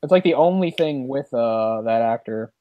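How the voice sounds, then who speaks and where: Male podcast host, rambling and animated, mid-pitched, dry close mic. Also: dry recording, dull audio. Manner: rambling, animated, quick laughs. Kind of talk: casual movie chat.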